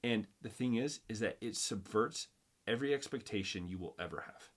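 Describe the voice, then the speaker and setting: Male host, casual chat, animated storyteller who acts out the quotes and trips over his own sentences. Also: fairly low pitch, fairly quick. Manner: animated retelling, acts out quotes, many restarts.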